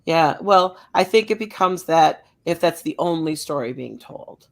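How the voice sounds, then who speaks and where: Co-host with a gravelly, fry-heavy voice, chatty and argumentative in a casual panel. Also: medium pitch, lively intonation, measured pace. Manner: conversational, argues with rhetorical questions. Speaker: podcast co-host.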